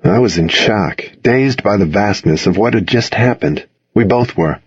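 Deep, husky male narrator. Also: moderate pace, no echo, lo-fi sound. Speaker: audiobook narrator. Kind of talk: first-person scripted narration.

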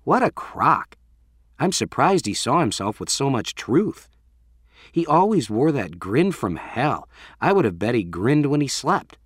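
A man voicing a clever, blunt teenage girl in a storybook reading, talking in a flat, scornful way. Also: medium pitch, normal speed, no echo, clean studio sound.

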